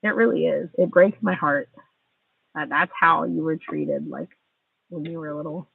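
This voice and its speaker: A woman's voice: low-pitched, very animated, measured pace, gravelly, breathy edge, dry recording. A woman in her forties, venting angrily and bitterly on a livestream, sarcastic and full of swearing. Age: 40s. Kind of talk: angry venting monologue. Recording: tinny distant phone mic.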